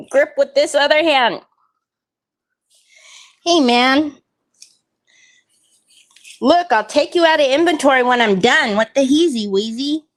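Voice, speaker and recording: A woman chatting her way through a crafting livestream, with a voice that sits a bit high. She takes her time, unhurried between phrases, and is excitable and playful, talking to herself as she works. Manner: chatty and excitable, thinks aloud. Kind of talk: casual crafting livestream chat.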